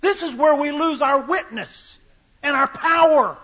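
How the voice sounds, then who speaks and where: A man's voice: extremely high pitch, unhurried, bright, forceful tone. A male preacher delivering a sermon in an emphatic, repetitive cadence.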